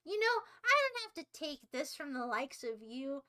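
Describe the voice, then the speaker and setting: A woman's voice: high-pitched, sing-song, moderate pace, hardly any pauses, bright, forceful tone. A young woman hosting a livestream, talking casually in a melodramatic, mock-despairing and playfully insulting way. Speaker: livestream host.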